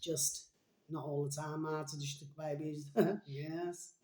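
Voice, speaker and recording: Lady rambling on her vlog, lowish voice, roomy echo, calls everyone babies. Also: level tone, measured pace, mellow. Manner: rambling, affectionate, calls viewers "babies", hums and sings snatches. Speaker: video host.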